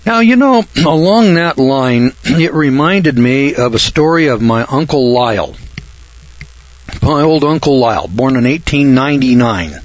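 An older man telling a folksy anecdote, halting and rambling, often clearing his throat and slowing down for the punchlines. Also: medium pitch, expressive, muffled recording. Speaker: storyteller.

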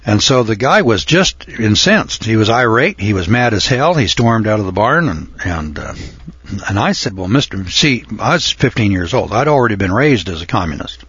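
An older man telling a folksy, rambling story from his youth, often pausing with uh and clearing his throat. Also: on the low side, very animated, a bit bright, no room sound, highs cut off. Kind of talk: folksy spoken reminiscence.

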